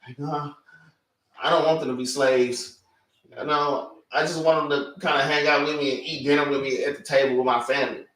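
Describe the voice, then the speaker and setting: Man, higher-pitched, forceful; casual animated preaching class; far mic, roomy echo. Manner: animated, street-casual, keeps saying "man". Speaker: class teacher. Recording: echoey room, mic far off.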